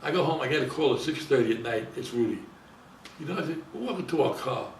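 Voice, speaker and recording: A man's voice: medium pitch, lively intonation, quick pace, recorded from a distance. An older man, an actor telling rambling anecdotes in a casual interview, repeating and interrupting himself. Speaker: guest actor. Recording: roomy sound from off-mic, faint hiss.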